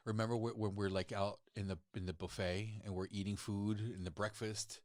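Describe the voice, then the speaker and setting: A man's voice: fairly low pitch, level tone, normal speed, a little mellow, dry recording. Laid-back man, dry close sound. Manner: loose, profane, laughs often, restarts. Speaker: actor, podcast guest. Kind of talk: casual chat. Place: podcast set.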